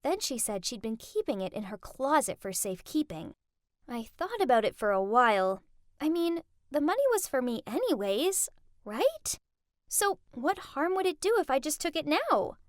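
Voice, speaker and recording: Young woman telling a dramatic storytime, high voice that swings all over. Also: no echo, clean studio sound. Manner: lively, dramatic first-person telling. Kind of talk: animated storytime narration.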